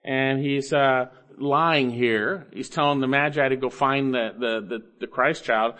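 A man preaching an expository sermon, emphatic, coaxing listeners along with rhetorical questions and swinging between loud stresses and low asides. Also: steady tone, a little slow. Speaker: preacher teaching Bible grammar.

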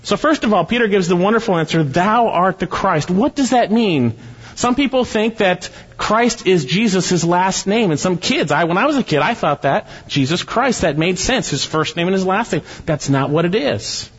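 An earnest male preacher working through a passage, posing questions to his flock and softening into lower tones for quoted verses. His voice sits slightly high and carries a long reverb from the sanctuary. The sound is a little dull and lo-fi. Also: animated, normal speed, husky. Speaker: pastor. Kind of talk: expository sermon.

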